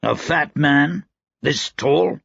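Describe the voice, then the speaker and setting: A man's voice: on the high side, animated, drawn-out words, vocal fry, fairly bright tone, breathy edge, dry recording, voice pushed up, heavily acted. A man voicing a stern male field marshal who talks in terse growls, in an audiobook. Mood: alarmed. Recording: dry, slightly dull recording.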